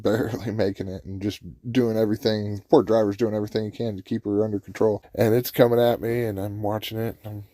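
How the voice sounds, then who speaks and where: Brief: mellow-voiced man, folksy rambling storyteller, dry close sound. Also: fairly low pitch, no echo. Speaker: host telling a personal story. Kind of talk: casual storytelling.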